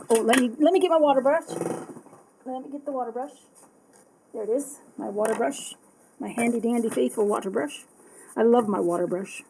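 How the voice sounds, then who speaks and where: A bubbly, excitable woman chatting casually as she unboxes art supplies, often apologizing. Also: on the high side, moderate pace, vocal fry, a little hiss or hum, rough recording. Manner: reads product text aloud.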